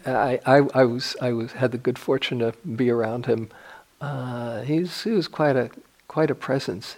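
Speaking as a meditation teacher, an older man delivers a dharma talk in a steady, medium-pitched tone. He sounds reflective, pausing gently and restarting now and then.

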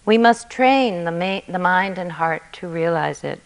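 Slow, gentle woman giving a dharma talk. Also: fairly low pitch, lively intonation, gravelly, low-quality recording. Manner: gentle and reflective, soft endings. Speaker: meditation teacher.

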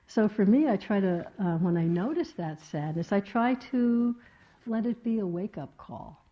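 A woman meditation teacher giving a dharma talk in a gentle, reflective way, with many soft fillers. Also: medium pitch, animated, unhurried. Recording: slightly dull lo-fi talk recording.

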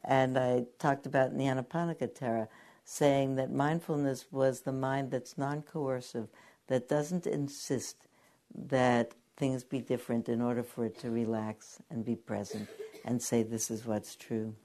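An older woman speaks in a very deep, low voice as she gives a dharma talk. She tells stories gently, pausing often and reaching for her words with small fillers. Her tone stays unhurried and reflective. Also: fairly even intonation. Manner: gentle storytelling with many pauses and fillers. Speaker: meditation teacher. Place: meditation hall.

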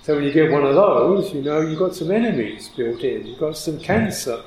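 A man who is a Buddhist monk teacher, giving a reflective dharma talk with frequent soft laughter. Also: on the high side, lively intonation, normal speed, reverberant, slight background noise, low-quality recording.

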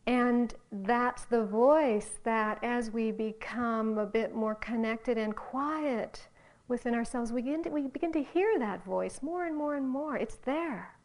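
A woman meditation teacher giving a dharma talk, gentle and halting, dropping into soft whispers on some phrases. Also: on the high side. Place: meditation hall.

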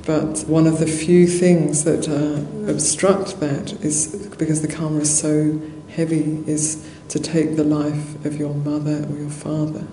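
A woman's voice: deep voice, little pitch movement, measured pace, hardly any pauses. Woman telling a dharma story in a roomy hall. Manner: conversational, laughing softly, many fillers. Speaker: Buddhist nun giving a dharma talk. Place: monastery meditation hall. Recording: roomy hall echo, faint noise.

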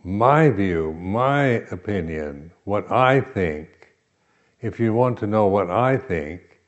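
A man with a very low voice delivers a meditation teacher's dharma talk at an unhurried, slow pace. He speaks reflectively and often pauses to restart a phrase. The recording sounds dull and lo-fi. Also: lively intonation.

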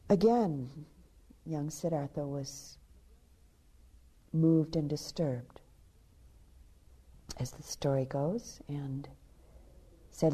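A woman meditation teacher giving a dharma talk. She tells a story softly, often dropping to a hushed near-whisper. Her voice is low, very dark and husky. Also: extremely slow, pauses often. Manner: soft, storytelling with hushed passages.

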